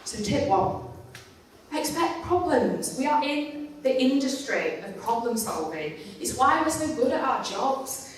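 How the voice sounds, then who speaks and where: A woman's voice: high-pitched, big pitch swings, unhurried, slight background noise. A woman giving a storytelling talk at a conference. She is candid and self-mocking and swears casually. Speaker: conference speaker. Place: conference stage in a large hall. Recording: echoey hall, mic at a distance.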